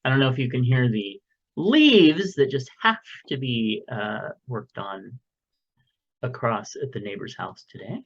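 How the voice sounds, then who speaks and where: A man's voice: medium pitch, lively intonation, measured pace, slightly rough, lo-fi sound. A man co-hosting a podcast in casual, rambling chat, joking and trailing off with fillers, recorded at home. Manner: rambling, jokey, lots of fillers. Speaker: podcast co-host. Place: home recording room, window open.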